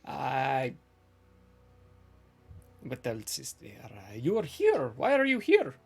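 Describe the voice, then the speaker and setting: Chatty female druid, voiced by a man: stammering, rambling, a gravelly edge to the voice. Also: fairly high pitch, expressive, a little slow, pitched above the performer's own voice, full character voice. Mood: explaining.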